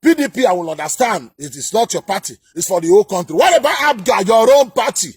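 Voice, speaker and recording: A man delivering an angry political rant, shouting, scolding and repeating himself. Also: sits high, sing-song, fast talker, husky. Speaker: political commentator.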